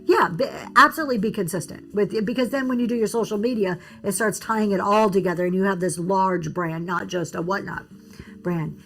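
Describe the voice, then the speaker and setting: A woman's voice: mid-range voice, brisk, vocal fry, a bit bright. A woman giving casual business advice on a livestream, reading and answering comments from chat. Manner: chatty, reads and answers comments, restarts often.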